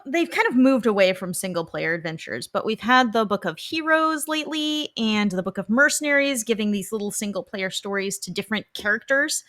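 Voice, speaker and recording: Bright-voiced woman podcast co-host, lively and enthusiastic, a touch high. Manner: animated, quick to laugh, enthusiastic. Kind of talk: casual podcast chat.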